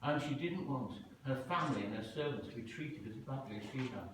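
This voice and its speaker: A man telling a story live, dramatic and animated, acting out the voices he quotes. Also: mid-range voice, fairly quick, noisy background. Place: large museum hall. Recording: echoey hall, heard from a distance.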